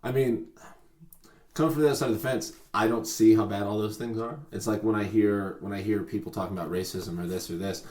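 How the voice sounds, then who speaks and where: A man with a lowish voice hosts a casual talk show, trading relaxed, joking banter. His voice rings a little in a roomy, echoey space. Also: a little fast. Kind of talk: casual chat. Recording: roomy echo.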